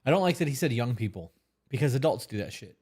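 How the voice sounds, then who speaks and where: Man, podcast co-host, blunt, casual swearing, rapid delivery. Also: medium pitch, sing-song, a little mellow, slightly rough.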